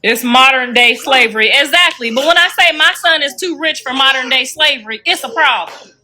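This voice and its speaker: A woman's voice: high voice, brisk, bright, forceful tone. A middle-aged woman with a froggy, Kermit-like voice, chatting animatedly to viewers on a livestream and laughing often. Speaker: livestreamer and mother. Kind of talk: casual livestream chat.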